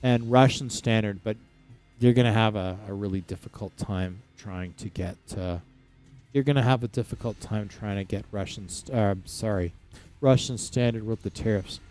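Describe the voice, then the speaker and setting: Smooth-voiced man rambling on a livestream. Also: on the low side, moderate pace, darkish tone, soft background music. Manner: rambling, restarts often, chats with viewers. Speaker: livestream host. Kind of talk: casual livestream chat. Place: home in Saskatchewan.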